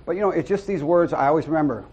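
A middle-aged man giving an informal sermon to a small church group, earnest and folksy, with loud whoops and amens. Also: on the high side, rapid-fire, husky. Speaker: lay preacher.

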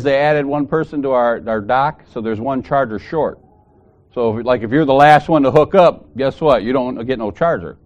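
A man's voice: mid-range voice, dull audio. Man animatedly retelling a workplace story. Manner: animated, acts out dialogue, repeats phrases for emphasis. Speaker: church elder sharing a personal story. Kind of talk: casual conversational storytelling.

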